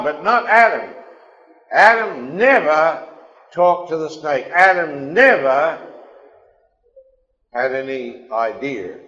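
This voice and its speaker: A man preaching a sermon, emphatic and impassioned, swinging between quiet asides and loud declarations. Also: on the high side. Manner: impassioned, emphatic, rising and falling. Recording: echoey hall, dull lo-fi sound.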